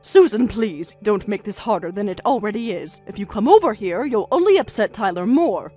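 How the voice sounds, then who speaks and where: Firm, measured older grandmother, read by a woman, lively in pitch, with soft music underneath. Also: close to an everyday voice. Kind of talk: story narration with dialogue.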